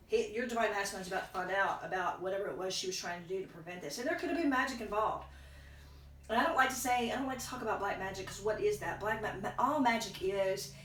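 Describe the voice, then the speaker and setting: A woman's voice: medium pitch, a little hiss or hum. A woman giving a casual tarot reading, rambling and correcting herself as she thinks aloud while chewing gum. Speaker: tarot reader. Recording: echoey room, distant from mic.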